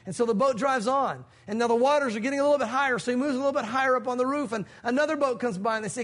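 A man with a very high voice preaches to his congregation. He tells stories and acts out the voices of the people in them. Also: rapid-fire, few pauses, fairly bright tone. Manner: storytelling, acting out quoted voices. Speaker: pastor. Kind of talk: sermon.

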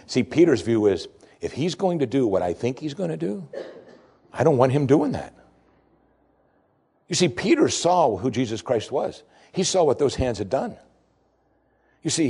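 Male preacher, husky voice, very animated pitch, sermon delivery. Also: normal speed. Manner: animated preaching, voice climbing high for emphasis. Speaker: pastor.

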